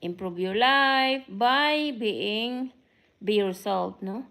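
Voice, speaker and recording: A woman's voice: medium pitch, takes it slowly, a bit bright. A middle-aged woman from the Philippines with a Filipino accent, chatting casually to her viewers on a live stream and recording into a camera mic. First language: Tagalog. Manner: chatty, mixes in Tagalog, greets viewers by name. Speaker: vlogger and care worker.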